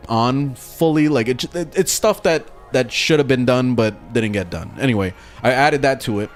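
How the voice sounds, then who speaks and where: Casual male streamer, mid-pitched, animated storyteller who swears freely, faint game music behind. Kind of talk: casual gaming stream chat.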